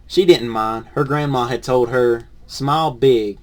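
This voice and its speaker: A man, a teacher in training, reads a picture book aloud with lively rises on the punchlines, then reviews it softly and hesitantly. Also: medium pitch, a little slow. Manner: lively storybook reading, rising on punchlines, then soft and hesitant when reviewing.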